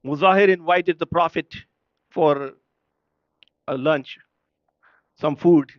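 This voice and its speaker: A man's voice: a little high, slow pace, dry recording. A man whose first language is Urdu tells a story as a sermon at a religious gathering. He speaks conversationally and keeps checking in with his listeners. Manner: conversational, often checking in with the audience. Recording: dull, lo-fi, dry sound.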